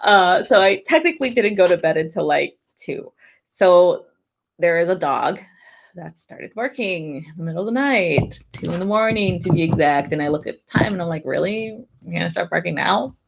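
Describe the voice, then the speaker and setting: A woman's voice: fairly low pitch, expressive, normal speed. A young woman hosting a live tarot stream, chatting casually, laughing often and swearing now and then.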